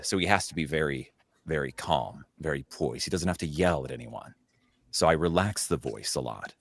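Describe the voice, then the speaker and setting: A man's voice: very deep voice, moderate pace, vocal fry, fairly bright tone. A man, a voice actor, chatting casually on a panel and rambling with many fillers and restarts.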